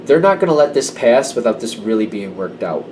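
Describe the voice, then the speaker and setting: A man's voice: fairly low pitch, sing-song, a little fast, darkish tone, distant mic, a little hiss or hum, rough recording. A man giving a casual tarot reading to camera, conversational and emphatic. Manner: conversational, emphatic, slips into quoted voices. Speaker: tarot reader.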